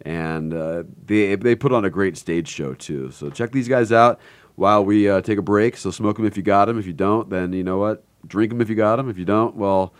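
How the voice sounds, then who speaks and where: A man hosts a casual radio talk show, his voice sitting fairly low. He tells loose, rambling stories into a studio microphone. The sound is dry and close, with no room around it. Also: moderate pace, smooth, no echo. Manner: chatty, rambling storyteller. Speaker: radio host.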